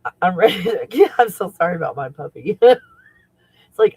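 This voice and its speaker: A man who works as a spiritual coach talks casually on a livestream, excitable and rambling, often breaking into laughter. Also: high voice, brisk, breathy edge, no room sound, low-quality recording.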